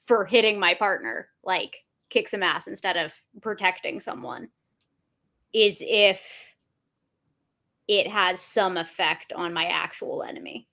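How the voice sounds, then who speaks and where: A woman's voice: fairly low pitch, measured pace, vocal fry, pushed and bright. A woman player in a tabletop game, thinking aloud with fillers in casual table talk.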